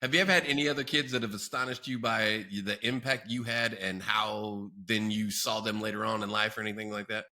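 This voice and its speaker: Man, host, very bright voice, relaxed questions, casual interview. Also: lowish voice, fairly quick, hardly any pauses. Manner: relaxed, asks short prompting questions.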